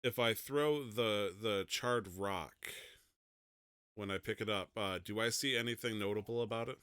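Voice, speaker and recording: A man's voice: fairly low pitch, moderate pace, fairly bright tone, clear, resonant tone, no echo, studio quality. A man playing a tabletop role-playing game, playful and laughing as he describes his character's antics. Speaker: player.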